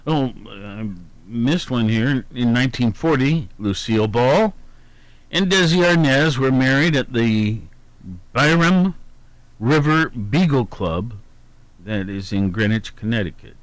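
Slow, unhurried man hosting a radio show. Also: mid-range voice, expressive, no echo. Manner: meandering, hums filler syllables, corrects himself aloud. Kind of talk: casual on-air chat, reading daily almanac.

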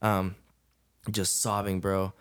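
A man's voice: sits low, monotone, slow pace, clean tone. Laid-back young man telling a story. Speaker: podcast guest. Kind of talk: casual storytelling interview.

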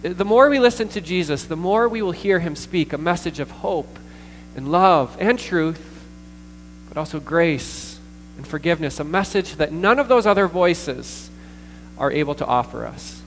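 Earnest pastor preaching in a reverberant hall. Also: male voice, fairly high pitch, animated. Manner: earnest, pausing with fillers and repeated words. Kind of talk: sermon. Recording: distant reverberant hall with mains hum.

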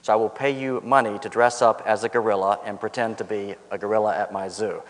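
A plain-spoken male zookeeper, low-voiced and blunt, as a preacher puts him on. He talks matter-of-factly, and his words ring out in a large echoing hall. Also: fairly even intonation, a little fast, lightly acted. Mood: candid.

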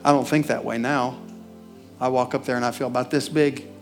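Fervent male preacher, soft music behind. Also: mid-range voice, fairly even intonation, brisk. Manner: storytelling, building to loud fervent peaks. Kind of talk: sermon.

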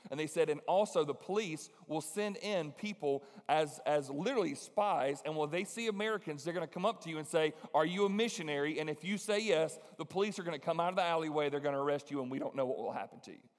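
Fast-talking high-voiced male preacher. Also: big-room sound. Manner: animated storytelling, acts out voices. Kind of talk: sermon.

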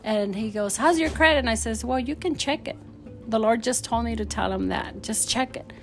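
Woman, middle-aged, fairly high voice, animated testimony, quoting dialogue, faint music underneath. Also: moderate pace. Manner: animated, acts out quoted dialogue. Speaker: testimony speaker. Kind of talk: personal testimony storytelling.

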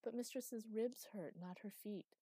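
A woman reading an audiobook, voicing an eager, childlike young servant girl with a high, innocent, earnest voice. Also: a little slow, warm tone, slightly rough, no room sound. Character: eager girlish servant Anouk/Maggie, sweet and childlike.

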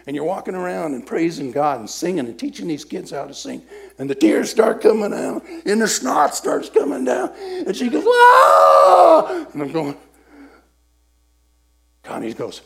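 A man preaching a sermon and telling a story, acting out voices and swinging between loud and soft. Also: fairly high pitch, sing-song, normal speed, gravelly.

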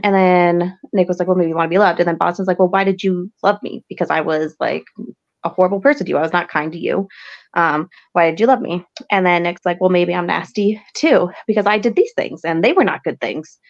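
A woman with a low, gravelly voice recaps a show episode for her podcast, chatty and rambling, full of "um" and "like". The audio is a bit dull and lo-fi. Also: a little fast. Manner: chatty, rambling with many fillers. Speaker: podcast host.

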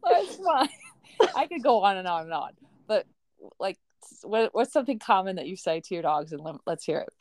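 A woman's voice: fairly low pitch, fairly quick, a little mellow, no echo. A woman hosting a podcast, chatting casually, asking her guest questions and laughing often. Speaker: podcast host. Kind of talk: casual interview chat.

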